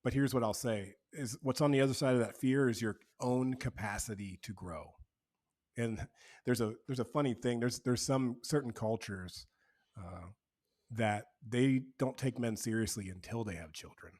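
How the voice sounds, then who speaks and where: A man's voice: mid-range voice, moderate pace, a little mellow. A man speaking as a guest on a podcast, earnest and reflective, talking casually with loose fillers.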